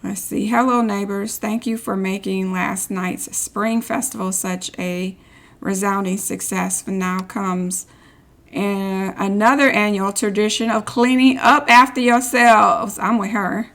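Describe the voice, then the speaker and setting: With a steady, fairly bright mid-range voice, a little slow, this gameplay streamer reads in-game social media posts from a story game out loud. Between read-outs she drops sarcastic comments.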